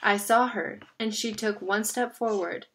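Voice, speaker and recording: A woman's voice: medium pitch, steady tone, measured pace, a bit bright, a little hiss or hum. A woman voicing a shaken, frightened young boy in a read-aloud story.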